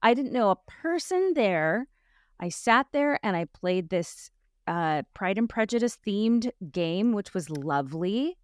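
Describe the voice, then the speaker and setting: A woman life coach hosting a casual podcast chat, speaking at a mid-range pitch. She talks in a candid, reflective way and often restarts her sentences. The sound is dry and close, with no room echo. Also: very animated, unhurried, clear, resonant tone.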